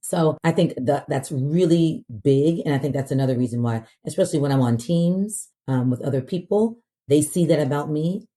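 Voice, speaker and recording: A woman from the American South, a podcast guest, talking casually and confidently, clear speech with frequent fillers. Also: very deep voice, mellow. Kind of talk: casual interview talk.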